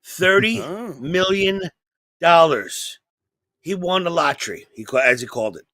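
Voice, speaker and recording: A man hosting a comedy podcast, telling a long story in an animated, profane way and acting out the people in it. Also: fairly high pitch, unhurried, no room sound. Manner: animated, profane, acts out voices.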